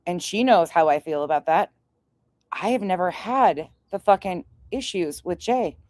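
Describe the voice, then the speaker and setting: A woman rants on a livestream, swearing freely and snapping back with sarcasm. Her voice sits a little low. The sound is dry, with no room around it. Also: lively intonation, moderate pace, a little mellow, dry recording. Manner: profane, combative, sarcastic. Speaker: online creator. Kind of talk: heated livestream rant.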